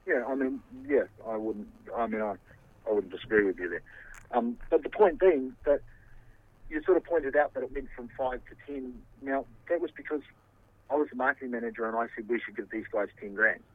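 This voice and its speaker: A man speaks over a phone line that sounds thin and tinny. His voice sits at a middling pitch. He argues defensively, with frequent curses and stumbling restarts. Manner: defensive, swearing, halting restarts. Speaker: interviewee. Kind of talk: heated phone interview.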